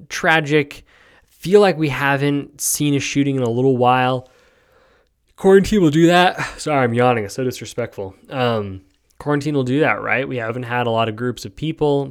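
A man's voice: medium pitch, clear, resonant tone. A young man hosting a solo podcast, talking casually and sarcastically, rambling with frequent ums. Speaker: podcast host.

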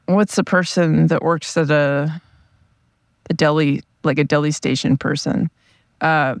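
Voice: mid-range voice, fairly even intonation, measured pace, no echo, clean studio sound. A podcast host talking casually to listeners on a solo road-trip episode, rambling, drifting into tangents and often poking fun at themselves. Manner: rambling, self-deprecating, often loses the thread.

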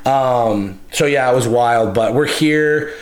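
Young man, podcast co-host, rambling profane storyteller, mid-pitched voice. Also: slow pace. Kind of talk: casual storytelling chat.

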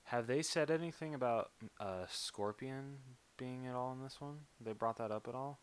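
A man co-hosting a podcast in casual chat, easygoing, quick to agree and crack jokes. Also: mid-range voice, clear, resonant tone. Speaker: podcast co-host.

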